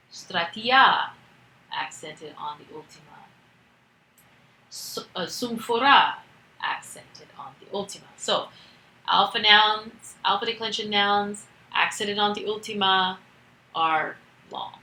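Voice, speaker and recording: A woman walks through a grammar lesson at an unhurried pace, patient and methodical, pausing on fillers as she goes. Her voice is bright with a gravelly edge. The room around her rings with echo. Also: fairly low pitch, slight background noise. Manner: patient, step-by-step explaining with fillers. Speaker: Greek teacher.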